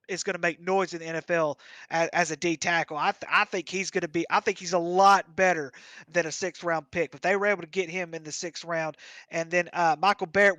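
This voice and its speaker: A man with a high voice, talking football casually as a co-host. He hesitates and restarts often, padding his thoughts with fillers. The sound is dry and close, with no room in it. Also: bright, forceful tone, dry recording. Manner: halting, many fillers and restarts. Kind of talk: casual sports chat.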